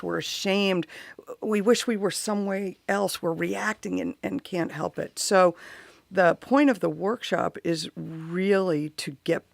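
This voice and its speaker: Speaking in a creaky, mid-range voice on a dry recording, a woman appears as a guest on a talk show. She's a mother who runs workshops for moms, and she tells her story with animation in a casual interview chat.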